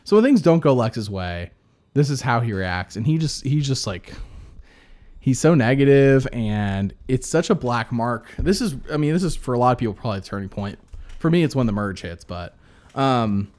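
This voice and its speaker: A man's voice: mid-range voice, sing-song, normal speed, darkish tone. A man co-hosting a podcast, talking in a rambling way with many fillers and restarts. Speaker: podcast co-host. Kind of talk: casual chat.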